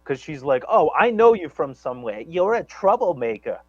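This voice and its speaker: A man's voice: a little high, very animated, moderate pace, dry recording, lo-fi sound. A man telling a long story on a live talk show, rambling and profane, with many restarts and stammers. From Chicago area. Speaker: guest storyteller.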